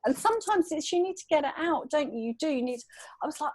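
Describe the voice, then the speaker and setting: A woman in her thirties on a video call, talking casually in a group chat and telling a story in a lively, self-deprecating way. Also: sits high, fast talker, no echo, rough recording. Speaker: podcast regular in sobriety group.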